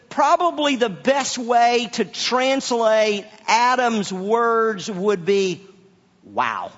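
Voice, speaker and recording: Male pastor with a high voice, stumbling over repeats as he preaches, dull sound with a long hall echo. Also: a bit bright. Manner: halting, repeats words often. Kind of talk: sermon.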